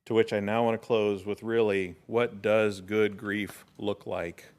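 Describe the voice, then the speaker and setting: Earnest middle-aged preacher giving a sermon. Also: male voice, on the low side, flat delivery, unhurried, a little mellow. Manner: earnest storytelling preacher, rising in emphasis. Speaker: pastor. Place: church sanctuary.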